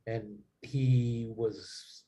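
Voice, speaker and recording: A man's voice: medium pitch, steady tone, drawn-out words, warm tone. A man talking as a guest in a casual chat, rambling with many fillers and restarts.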